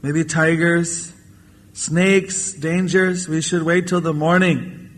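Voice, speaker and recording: A man's voice: a little high, fairly even intonation, slow pace. A man voicing a sly male village thief who makes excuses while feigning innocence. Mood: evasive. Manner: evasive, making excuses. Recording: 1994 lecture tape with long hall reverb.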